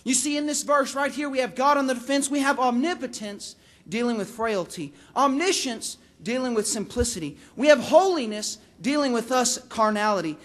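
A man preaching a sermon, swelling to emphatic peaks and dropping low on key words, repeating phrases for emphasis. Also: fairly bright tone.

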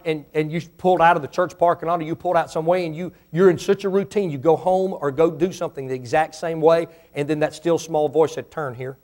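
High-voiced preacher rising and falling. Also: male voice, a little mellow. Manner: preaching with sudden rises in pitch and volume, voicing imagined listeners. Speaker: pastor. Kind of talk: sermon. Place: church.

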